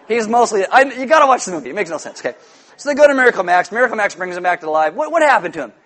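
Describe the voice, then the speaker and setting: High-voiced man preaching a jokey sermon. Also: very fast. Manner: jokey, animated storytelling with shouted impressions. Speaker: pastor.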